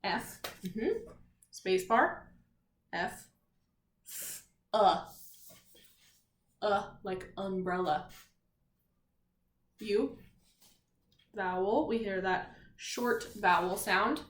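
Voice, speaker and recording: A woman's voice: medium pitch, very slow, long pauses. A woman teaching a spelling lesson to young children, patient and encouraging, sounding words out letter by letter. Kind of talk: slow, clear remote spelling lesson for children. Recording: echoey room.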